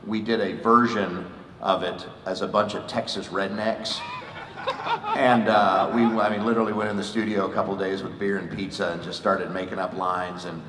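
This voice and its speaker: A man's voice: low-pitched, flat delivery, normal speed, background noise. A man, a voice actor on a convention panel, telling a laughing anecdote. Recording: echoey convention hall, mic from far off.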